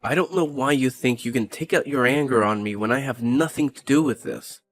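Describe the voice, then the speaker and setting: A man's voice: mid-range voice, faint music behind, lightly acted. A man playing a callous, blaming husband. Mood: scornful. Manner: cold, scornful, quick to blame. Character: callous dismissive young husband.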